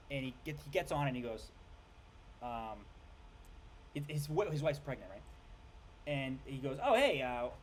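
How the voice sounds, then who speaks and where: A man ranting casually about a film, rambling, swearing and tripping over names as he gets excited. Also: medium pitch, a little hiss or hum. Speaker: film reviewer. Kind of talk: casual rant review.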